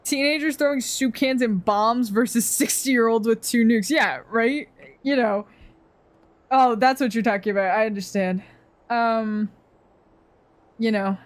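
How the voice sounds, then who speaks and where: A woman's voice: fairly high pitch, fairly even intonation, a little slow. A young woman streamer chatting casually, ranting in a rambling, profane way with frequent laughs.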